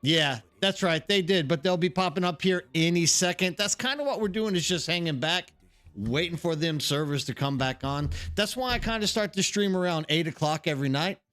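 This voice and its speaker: A male game streamer chatting live to his viewers, energetic and chatty as he greets people in the chat by name. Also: fairly high pitch, normal speed.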